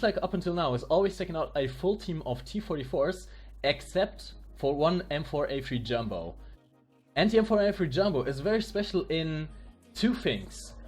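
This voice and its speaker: A man commentating a live tank game match, analytical, breaking into excited exclamations. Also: fairly high pitch. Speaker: esports commentator. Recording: faint music behind.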